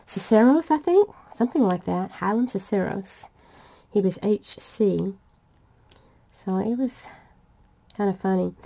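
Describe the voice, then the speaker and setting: Older lady telling family stories while she crafts, gravelly voice, laughs a lot. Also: mid-range voice, mellow. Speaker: vlogger. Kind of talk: casual storytelling while crafting.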